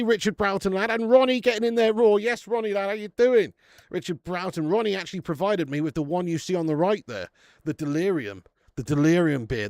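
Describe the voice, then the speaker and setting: Lively, chatty British English man. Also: on the high side, no room sound, clean studio sound. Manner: chatty and matey, banters with viewers, swears freely. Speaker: host of a live beer review stream. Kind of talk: casual live-stream chat. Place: warm room at home.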